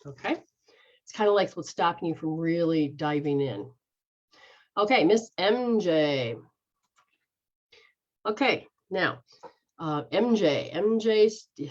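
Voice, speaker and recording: Woman healer, lowish voice, casual instructive delivery, muffled lo-fi stream audio. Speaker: energy healer leading a live session. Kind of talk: guided healing session, casual.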